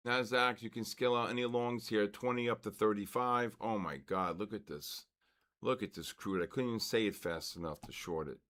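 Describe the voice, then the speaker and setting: An older man hosting a live trading stream, excitedly calling out price moves and giving quick trade advice. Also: lowish voice. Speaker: trading livestream host. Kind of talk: live market commentary.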